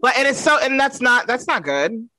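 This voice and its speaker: Bright high-voiced joking man. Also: moderate pace, dry recording. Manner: animated, joking, laughs often. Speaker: podcast co-host. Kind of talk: casual comedic chat.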